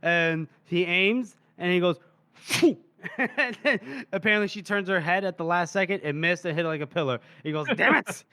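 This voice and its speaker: A man co-hosting a casual book podcast, retelling scenes in an animated way with frequent laughter. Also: sits high, normal speed, hardly any pauses, clean tone. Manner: animated storytelling, laughing often. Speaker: podcast co-host. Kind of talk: casual book-discussion chat.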